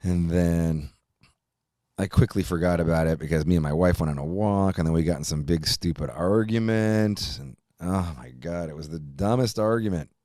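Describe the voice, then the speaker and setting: A middle-aged man hosting a podcast, rambling through a profane, animated monologue. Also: low-pitched, normal speed, no echo, clean studio sound. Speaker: podcast host. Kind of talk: casual chat.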